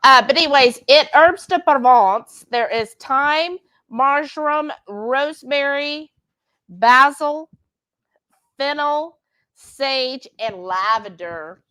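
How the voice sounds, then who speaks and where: High-voiced woman reading comments. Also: slow, sharp tone. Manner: chatty, reads comments aloud, laughs often. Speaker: cooking stream co-host reading viewer comments. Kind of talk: casual chat while cooking.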